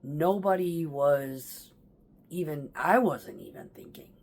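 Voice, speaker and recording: A woman's voice: low voice, big pitch swings, slow pace, gravelly, darkish tone. Woman telling a grieving family story. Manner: emotional, rambling, swears casually. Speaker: vlogger. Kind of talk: casual personal storytelling.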